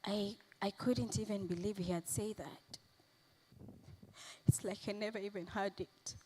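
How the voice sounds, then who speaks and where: An actress on stage playing an abused young mother, recounting her ordeal in halting, shaken narration. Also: mid-range voice, fairly even intonation, a little mellow, a little hiss or hum, lightly acted, low-quality recording. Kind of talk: stage play monologue. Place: festival stage.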